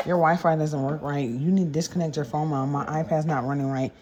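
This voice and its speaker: A woman's voice: low voice, fairly even intonation, a little fast, warm tone, highs cut off, close to an everyday voice. A woman mimicking a whiny, sassy young girl who complains to her mother.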